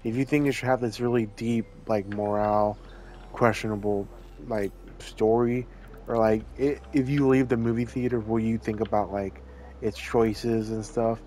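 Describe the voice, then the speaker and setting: Guest, male, fairly low voice, quick and profane, faint noise behind. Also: fairly even intonation, darkish tone. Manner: quick bursts, casual swearing. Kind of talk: casual movie review chat.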